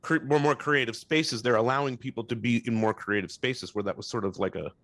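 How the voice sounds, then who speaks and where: A man's voice: mid-range voice, steady tone, fairly bright tone. A man hosting a casual interview, agreeing readily and asking his guest questions. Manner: encouraging, quick agreeing responses. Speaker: podcast host.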